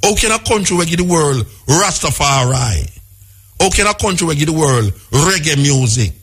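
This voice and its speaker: A middle-aged Jamaican man hosts a radio talk show, his husky voice sitting fairly high. He preaches in a long monologue, circling back with repeated questions and lists, and his delivery swings between drawn-out phrases and quick bursts. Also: lively intonation, fairly bright tone.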